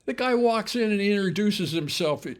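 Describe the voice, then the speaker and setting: An older man hosting a show casually recounts his own business history as spoken memoir, chatty and wry with lots of asides and self-corrections. His voice is high-pitched with lively intonation at a moderate pace.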